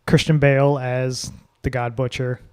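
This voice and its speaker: This podcast co-host, a man with a mid-range, clean voice, keeps a level tone and talks a little slowly. He chats casually about films, tossing off offhand commentary and swearing freely.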